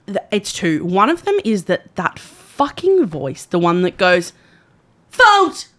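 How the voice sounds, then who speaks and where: A young woman co-hosting a podcast, chatting casually and animatedly, breaking into loud impressions. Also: fairly low pitch, very animated, unhurried. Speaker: podcast co-host. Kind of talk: casual chat.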